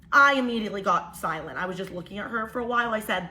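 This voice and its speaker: A young woman telling a story for a vlog, animated and incredulous, as if she still can't believe it. Her voice sits a bit high and rings bright and forward, with a casual, exasperated energy. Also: quick pace, hardly any pauses.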